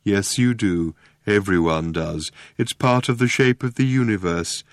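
A man voicing a gloomy, depressed male robot who talks in a slow, dejected drone. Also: fairly low pitch, dry recording, studio quality.

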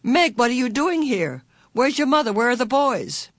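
A narrator voicing a gentle, tender middle-aged father who is a scientist, in an audiobook. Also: mid-range voice, very animated, moderate pace, no room sound, voice pushed up. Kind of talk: audiobook character voice.

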